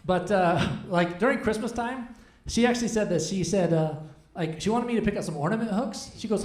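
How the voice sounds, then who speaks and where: Male stand-up comic, 40s, light high voice, loose rambling delivery, echoey club room. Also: big pitch swings, brisk. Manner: rambling, self-deprecating, chats with the audience. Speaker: stand-up comedian. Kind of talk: stand-up comedy set with crowd work. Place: comedy club stage.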